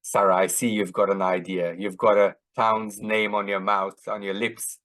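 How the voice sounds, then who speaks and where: A man's voice: lowish voice, little pitch movement, moderate pace, fairly bright tone, no echo. A man teaching an online drama workshop, hesitant, with many fillers and restarts.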